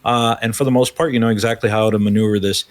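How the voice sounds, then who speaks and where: A man's voice: fairly low pitch, fairly even intonation, fast. A man running a tabletop role-playing game as game master, describing scenes loosely with many fillers.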